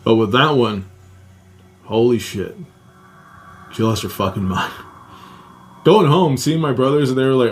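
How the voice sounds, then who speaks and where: A young adult man tells a personal story on his podcast in a loose, profane way. He laughs often and jumps his voice way up when acting out other people's lines. His speaking pitch sits in an ordinary middle range. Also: a little slow. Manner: profane, animated, laughs often, acts out quotes in high voices. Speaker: podcast host. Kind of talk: casual storytelling.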